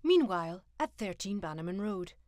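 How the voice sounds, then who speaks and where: A woman reading an audio story as narrator, lively and expressive. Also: medium pitch, moderate pace, no echo.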